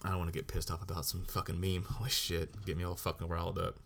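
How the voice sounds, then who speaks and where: A low-pitched man hosts his own podcast alone, talking in a loose, heavily profane rant. He is blunt and unfiltered, and he drops swear words into nearly every sentence. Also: flat delivery, fast, creaky, a bit bright, a little hiss or hum. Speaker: podcast host.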